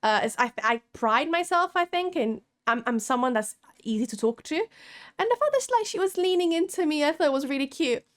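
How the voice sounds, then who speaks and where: A young woman from Italy telling an excited story to camera as a vlogger, often laughing and restarting her sentences. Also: high-pitched, fairly quick.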